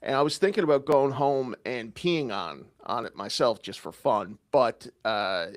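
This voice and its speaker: Man, Canadian accent, podcast co-host, deadpan, rambling, filler-heavy, mid pitch. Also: a little slow, hardly any pauses. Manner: rambling, deadpan self-mocking, many fillers. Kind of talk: casual comedic podcast banter.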